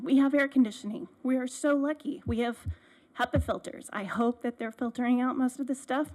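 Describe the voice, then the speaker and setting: Shaky-voiced nervous mother, mellow tone. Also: fairly high pitch. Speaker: public commenter, parent. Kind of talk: public comment at a council meeting. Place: city council chamber.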